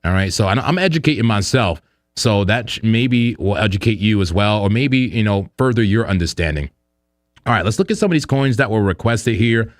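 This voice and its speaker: A man's voice: lowish voice, a little fast, dry recording, clean studio sound. A man hosting a crypto trading livestream, chatting casually and animatedly, joking often. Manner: animated and joking, with frequent fillers and laughs. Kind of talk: casual live-stream chat.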